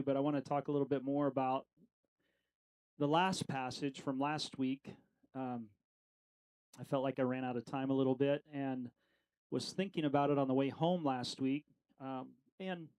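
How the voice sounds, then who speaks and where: A man's voice: medium pitch, darkish tone, low-quality recording. A middle-aged man leading a casual Bible study, talking conversationally with lots of fillers and questions to the group.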